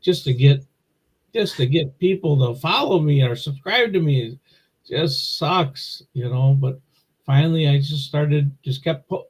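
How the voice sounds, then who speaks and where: A man's voice: mid-range voice, darkish tone, husky, low-quality recording. A man from Wisconsin, a drag racer, talking as a podcast guest in a rambling, plainspoken way that often repeats itself. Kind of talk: casual podcast interview. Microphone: remote video call.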